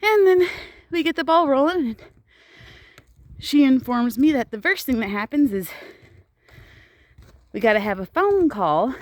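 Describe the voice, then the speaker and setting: A woman casually telling a personal story to camera while walking outdoors on an icy path, chatty and laughing often between phrases. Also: a little high. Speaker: vlogger.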